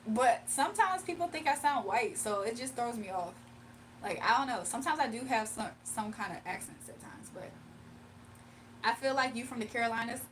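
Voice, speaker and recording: A woman's voice: a little high, animated, moderate pace, fairly bright tone, distant mic, a little hiss or hum, rough recording. Chatty Southern woman on a livestream. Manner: chatty, laughs often, drawling slang. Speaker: livestreamer and spiritual reader. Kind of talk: casual livestream chat, reading comments aloud. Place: home room.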